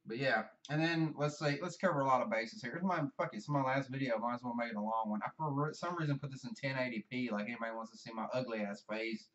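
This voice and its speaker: A man's voice: medium pitch, quick pace, hardly any pauses, a bit bright, distant mic, highs cut off. A man with a Southern US accent, rambling profanely and self-deprecatingly in a casual vlog monologue. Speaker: vlogger.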